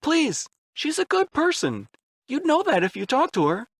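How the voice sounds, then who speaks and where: A jittery young male engineer, as a man puts him on for an audiobook, his voice pushed well above the reader's own. He pleads and frets loudly, sounding a touch distant from the mic. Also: huge pitch swings, measured pace, dry recording, clean studio sound, exaggerated voice. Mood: pleading. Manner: high, pleading, nervous. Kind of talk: audiobook character voice.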